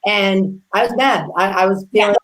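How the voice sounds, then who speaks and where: A woman guest chef in a casual interview, a lively storyteller who acts out what people said. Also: mid-range voice, normal speed, low-quality recording.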